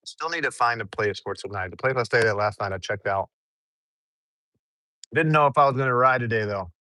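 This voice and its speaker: A young American man talks through a casual travel eating vlog at an easy, rambling pace, breaking into small chuckles as he goes. His voice sits at an ordinary male pitch. The sound is dry and close, with no room echo. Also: a little fast, pushed and bright. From United States. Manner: laid-back, rambling, chuckles often. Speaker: travel vlogger. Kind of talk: casual mukbang vlog chat.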